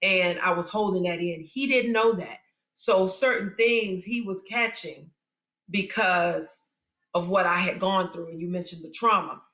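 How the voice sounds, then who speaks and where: A woman's voice: fairly low pitch, a little slow, a bit bright, roomy sound. A middle-aged woman talking candidly on a podcast, open and confiding with playful asides. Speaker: guest, spiritual mother.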